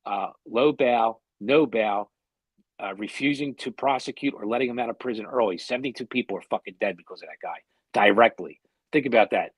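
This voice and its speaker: A man with a husky, slightly rough voice holds forth bluntly on a podcast, swearing freely and pressing his points. The sound is dry and close, with no room around it. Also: medium pitch, no room sound. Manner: blunt, heated, heavy swearing. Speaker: podcast co-host. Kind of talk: casual podcast chat.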